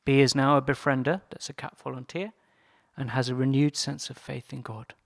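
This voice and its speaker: A man presenting, reading a story aloud in a measured, earnest way. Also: medium pitch, level tone, creaky, no echo, clean studio sound.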